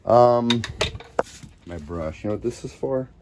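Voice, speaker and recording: A man's voice: medium pitch, animated, measured pace, background noise. A man vlogging in a casual, rambling way, chatting and jumping from one topic to the next. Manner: chatty, scattered, jumps between topics. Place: at home, then outdoors in a store parking lot.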